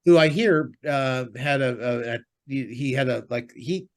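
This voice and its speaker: A man's voice: medium pitch, measured pace. A man co-hosting a podcast, chatting casually about TV shows and movies, rambling with lots of fillers and restarts. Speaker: podcast co-host.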